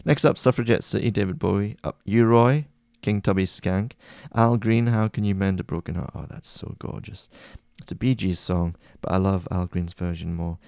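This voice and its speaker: A man hosting a music playlist video, chatting casually through a track-by-track rundown with relaxed, enthusiastic asides. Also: sits low, moderate pace, vocal fry, few pauses, no echo, studio quality.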